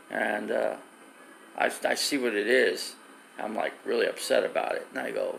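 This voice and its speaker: A man's voice: mid-range voice, fairly even intonation, normal speed, gravelly, fairly bright tone, slight background noise, rough recording. A middle-aged man live streaming from his phone, rambling through stories and reading viewer comments. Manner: rambling storyteller with restarts, reads viewer comments.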